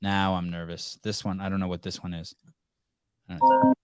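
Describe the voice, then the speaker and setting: A man's voice: deep voice, level tone, normal speed, a little mellow, clean tone, dry recording. Man, podcast host, teasing, rambling, dry close sound. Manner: joking, teasing, rambling with restarts. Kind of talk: casual call-in show banter.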